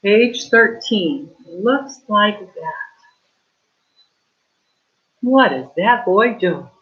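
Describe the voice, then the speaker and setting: A woman teaching a remote kindergarten reading lesson, reading slowly and with exaggerated stress, prompting the children with questions. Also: medium pitch, animated. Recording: dull lo-fi online class audio.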